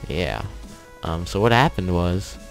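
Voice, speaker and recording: A young man talks casually over his gameplay, rambling and chuckling as he tells a story. His voice sits very low. Soft game music plays faintly behind him. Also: big pitch swings, slow, vocal fry. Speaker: gaming channel host.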